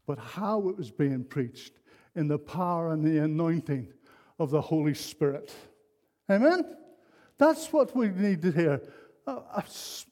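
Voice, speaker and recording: A man's voice: high-pitched, a little mellow. An older man preaching a sermon, telling a personal story in an earnest, rambling way with many restarts. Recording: long hall reverb.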